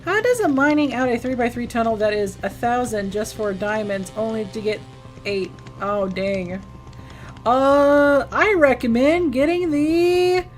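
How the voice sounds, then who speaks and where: A woman streaming a game and chatting casually, rambling with restarts and acting out quoted lines. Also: on the high side. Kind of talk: casual live-stream chat while gaming.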